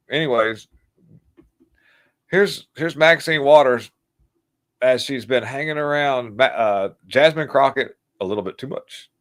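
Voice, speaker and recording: A man's voice: medium pitch, a little slow. A man hosting a casual political livestream, rambling and mocking in a crude way and laughing at his own jokes. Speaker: livestream host.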